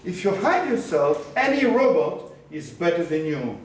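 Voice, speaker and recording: Lively male business coach, higher voice, questions the room a lot, echoey room, heard from afar. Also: normal speed, far from the mic. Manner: lively, questioning the audience often; mixes in words of another language. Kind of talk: live coaching talk to a group.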